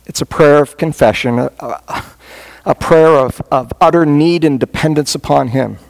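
Gravelly-voiced pastor giving an altar call. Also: male voice, a little high, moderate pace. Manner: earnest, folksy, warm humor. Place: church sanctuary.

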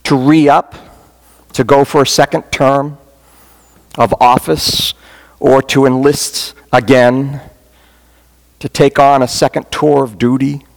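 A man's voice: medium pitch, level tone, slow pace, creaky, long pauses. A man preaching as a pastor in a church, giving an earnest, folksy altar call with touches of humor. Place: church sanctuary.

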